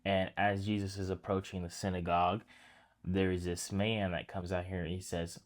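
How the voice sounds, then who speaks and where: A man's voice: sits low, flat delivery, normal speed. A man giving a casual, conversational sermon, retelling a story and talking straight to his listeners. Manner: conversational, addresses listeners as guys, restarts phrases. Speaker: preacher.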